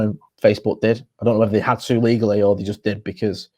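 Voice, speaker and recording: A man's voice: on the low side, level tone, fast talker, dark tone. A man co-hosting a podcast in casual chat, telling stories with plenty of swearing. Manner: chatty storyteller, laughs and swears. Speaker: podcast co-host.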